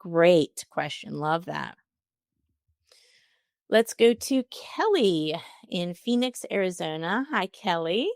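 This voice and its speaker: A woman's voice: on the low side, sing-song, slow, gravelly, a little mellow, dry recording, studio quality. A woman hosting a solo podcast, answering listener questions with upbeat, encouraging advice. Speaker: podcast host.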